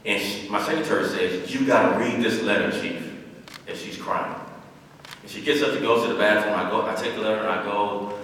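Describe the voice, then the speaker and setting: Man, 50s, low register, earnest speech-giver telling his life story, heard far off in a reverberant hall. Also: fairly even intonation, fairly quick, fairly bright tone, slight background noise. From Dallas, Texas. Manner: earnest, repeats phrases for emphasis. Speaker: former police chief giving a speech. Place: large hall, speaking to an audience.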